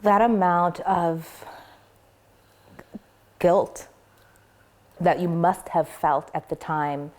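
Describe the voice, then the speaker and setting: A woman hosting an interview, prompting her guests gently and sympathetically. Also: lowish voice, drawn-out words, long pauses. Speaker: interviewer and host. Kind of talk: interview questions.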